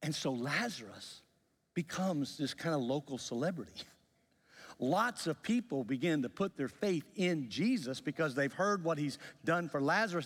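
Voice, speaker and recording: Animated male pastor in a reverberant hall. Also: fairly high pitch. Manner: animated storytelling, acts out quoted voices. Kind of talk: sermon. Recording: long reverb of a large hall.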